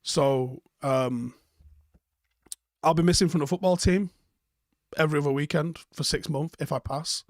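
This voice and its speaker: Man, live stream host, gravelly, fairly high voice, sweary, blunt, dry sound. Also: a little slow, long pauses, dry recording. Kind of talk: casual live chat reading viewer comments.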